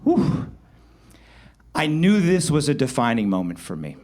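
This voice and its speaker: A man telling a comic true story live on stage, wry and animated, with sudden loud outbursts. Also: medium pitch, measured pace. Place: live show venue.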